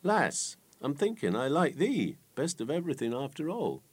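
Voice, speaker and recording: A man's voice: fairly high pitch, huge pitch swings, normal speed, breathy edge, voice pushed up, exaggerated voice. A man voicing a weepy simple-minded young fool. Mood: eager. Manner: sobbing, pleading, rustic dialect speech.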